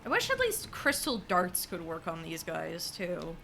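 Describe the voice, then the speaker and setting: A young woman streamer commenting on her gameplay, frustrated and venting, apologizing for her yelling. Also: lowish voice, wildly swooping pitch, a little slow, gravelly, over music.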